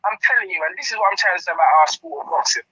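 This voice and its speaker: Bright, laughing man. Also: high voice, very fast, husky, no room sound, poor audio. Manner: laughing, animated storytelling. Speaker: boxing trainer. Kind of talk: casual interview chat.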